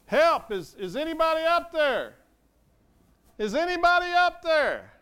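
A man voicing a terrified man who hangs from a cliff and yells frantically for help. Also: very high voice, sing-song, a little slow, voice pushed up, exaggerated voice. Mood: panicked. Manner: frantic yelling.

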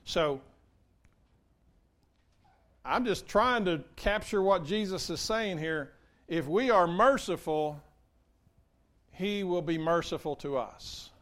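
A man's voice: high voice, animated, slow, long pauses, a bit bright. A male pastor preaching a sermon in an earnest way, repeating key phrases and speaking straight to his congregation.

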